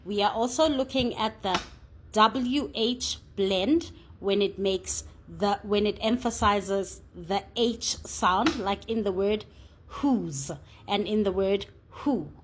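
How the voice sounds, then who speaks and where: A woman teacher leading a spelling lesson, sounding out each word slowly and carefully. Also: mid-range voice, a little hiss or hum. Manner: slow, careful over-enunciation of sounds.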